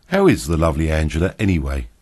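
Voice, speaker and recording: Glib teasing barman friend, low voice, storybook figure, read by a man. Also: huge pitch swings, fast, darkish tone, husky, full character voice. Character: male bar owner and musician, joking friend.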